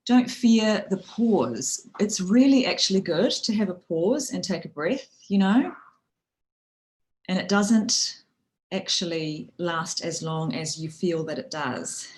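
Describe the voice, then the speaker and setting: Woman, New Zealand accent, low voice, speaking coach, friendly, practical, restarts phrases. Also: a little slow, poor audio. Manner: friendly, practical, with frequent restarts and "you know". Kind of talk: instructional talk on public speaking.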